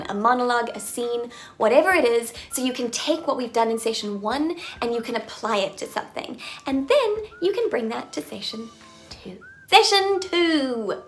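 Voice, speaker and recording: A woman accent coach making an upbeat announcement to her viewers, with playful, jokey asides. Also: a little high.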